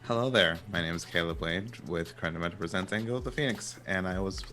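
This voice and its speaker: Deep, bright-toned man. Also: brisk. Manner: chatty, spells out handles. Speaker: player. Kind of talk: casual self-introduction.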